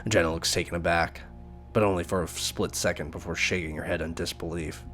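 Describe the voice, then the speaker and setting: A man reading a visual novel aloud, narrating and adding relaxed side comments. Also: low voice, brisk, soft background music. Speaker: game narrator and player.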